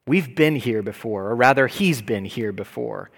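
A man's voice: mid-range voice, lively intonation, moderate pace, creaky. Man preaching in a reverberant hall. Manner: emphatic preaching that rises to loud bursts. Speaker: pastor. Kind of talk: sermon. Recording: long reverb of a large hall.

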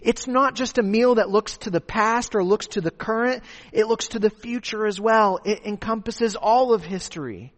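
A man's voice: high-pitched, normal speed. A man preaching a sermon, asking rhetorical questions and repeating his key points for emphasis. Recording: long hall reverb.

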